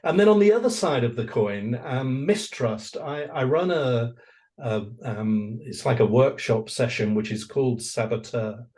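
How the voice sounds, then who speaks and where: A man hosting an interview, animated and storytelling, who likes to act out what people say. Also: medium pitch, measured pace. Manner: animated storyteller, acts out quoted voices. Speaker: podcast host. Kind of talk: conversational interview.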